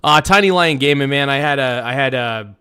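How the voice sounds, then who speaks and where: A man streaming live, venting angrily at a friend, swearing, repeating himself and swinging from low mutters to sudden outbursts. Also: a little fast, sharp tone, clear, resonant tone. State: upset. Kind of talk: angry live-stream rant.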